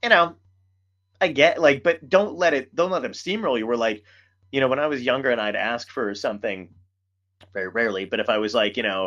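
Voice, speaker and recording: Male podcast host, casual storyteller, salty language, average pitch, slightly dull recording. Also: brisk. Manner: animated storyteller, swears a lot. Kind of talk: casual chat.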